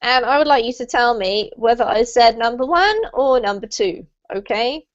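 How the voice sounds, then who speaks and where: A woman's voice: on the high side, normal speed, highs cut off. A woman with a British accent teaching English pronunciation to a small online class, encouraging and patient in her explanations. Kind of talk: online group lesson. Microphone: video call.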